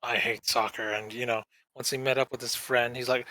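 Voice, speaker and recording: A man's voice: medium pitch, flat delivery, brisk, pushed and bright, no echo, poor audio. A man co-hosting a casual podcast chat, rambling in slang and briefly mimicking characters in exaggerated voices. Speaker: podcast co-host.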